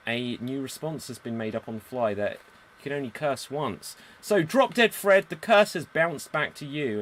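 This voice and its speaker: A man's voice: mid-range voice, a bit bright. A man with a British accent hosting a live improv game as game master, upbeat and theatrical.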